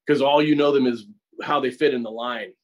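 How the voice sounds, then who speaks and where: A middle-aged American man talking through his craft as an interview guest. He is an actor and teacher with a mid-pitched voice, and he explains things at length. He often restarts his sentences and repeats words as he goes. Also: steady tone, a little fast, poor audio. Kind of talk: conversational interview. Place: acting studio.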